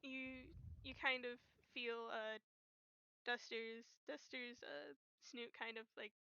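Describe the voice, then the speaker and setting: A woman's voice: fairly high pitch, flat delivery, slow pace, sharp tone, smooth, no echo. A woman casually narrating her character in a tabletop role-play, rambling and correcting herself as she goes. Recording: dull lo-fi, dry.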